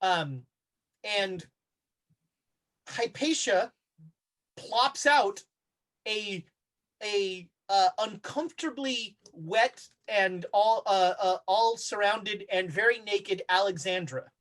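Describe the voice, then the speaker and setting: A game master narrating a tabletop horror game, halting often with fillers as he describes the scene. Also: sits high, a bit bright.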